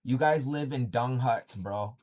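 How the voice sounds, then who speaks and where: A man's voice: medium pitch, unhurried, a little mellow. A man hosting a livestream in a taunting chat, mocking and swearing, often breaking into laughter. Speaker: livestream host.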